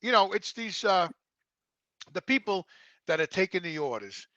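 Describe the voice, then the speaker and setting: Male podcast host, bright animated storyteller, dry close-miked sound, high voice that leaps around. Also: normal speed, no room sound, lo-fi sound. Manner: animated storyteller, repeats words when excited. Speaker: show host. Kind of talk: casual podcast chat.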